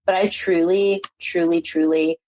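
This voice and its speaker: Woman host just chatting on a live stream, kinda low voice, lots of um and like. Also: fairly even intonation, unhurried, mellow, slight background noise. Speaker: podcast host. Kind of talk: casual live-stream commentary. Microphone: home microphone for a live stream.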